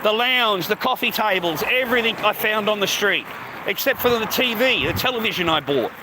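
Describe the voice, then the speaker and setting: With a high, lively voice and a brisk delivery, this Australian streamer chats casually to his audience outdoors, addressing them as "mate" and cursing heavily. Cars go by and the street is noisy around him.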